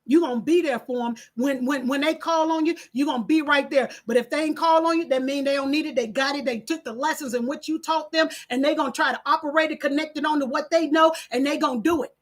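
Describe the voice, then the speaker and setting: A middle-aged woman, talking on a live stream, preachy and animated, reading out the chat and breaking into laughs and shouts. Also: high-pitched, fast, few pauses.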